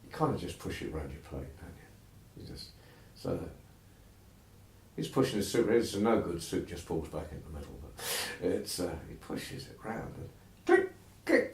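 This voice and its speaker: A male storyteller telling a folk tale in an animated, conversational way, with asides to the listeners. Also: low voice, moderate pace, creaky, a little hiss or hum. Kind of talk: oral folktale telling. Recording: roomy echo.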